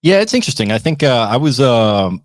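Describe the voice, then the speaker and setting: A man's voice: mid-range voice, very animated, brisk, no room sound, studio quality. A man co-hosting a sports podcast in casual chat, hesitant and full of fillers. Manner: hesitant, filler-heavy, laid-back. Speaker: podcast co-host.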